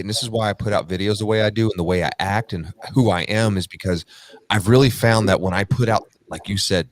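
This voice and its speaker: A man guesting on a podcast, talking in an energetic, motivational way. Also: lowish voice. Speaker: podcast guest, car dealership worker. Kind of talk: casual interview chat.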